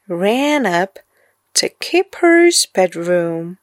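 Slow, expressive woman reading a storybook. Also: medium pitch, dry recording, clean studio sound. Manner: slow, expressive read-aloud delivery, dropping to a hush for suspense. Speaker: narrator.

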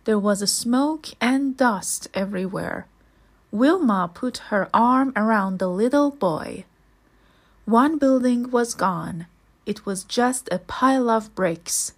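A woman reading a children's story aloud in a measured storytelling manner. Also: on the high side, animated. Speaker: storybook reader.

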